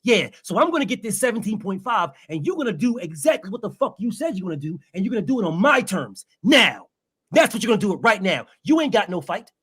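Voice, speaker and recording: A man's voice: high voice, big pitch swings, quick pace, fairly bright tone, husky, full character voice. A man impersonating a brash, cocky male champion boxer who dictates terms in a boastful, profane way. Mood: boastful, demanding. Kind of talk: impression in a boxing debate.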